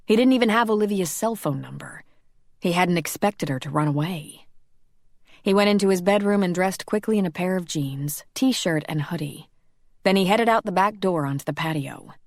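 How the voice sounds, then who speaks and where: Female audiobook narrator, steady storytelling, slightly low voice. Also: normal speed, gravelly, no echo, clean studio sound. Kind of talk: scripted narration.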